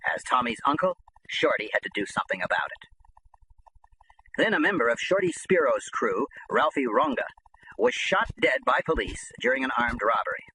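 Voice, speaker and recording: A man narrating a first-person memoir as an audiobook, in an animated, tough-talking storytelling manner. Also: medium pitch, slight background noise, poor audio.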